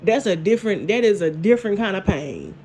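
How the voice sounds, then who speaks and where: A woman, casually recapping a TV drama episode, animated and laughing, with lots of repeats and restarts. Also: medium pitch, a little fast, a little hiss or hum. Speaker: TV show reviewer.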